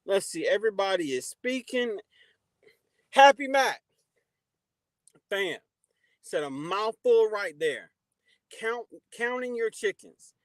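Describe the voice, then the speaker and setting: High-voiced man hosting a casual livestream. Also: sing-song, takes it slowly, pauses often, dry recording, low-quality recording. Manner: shouts out chat viewers warmly by name, preachy advice. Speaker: livestream host.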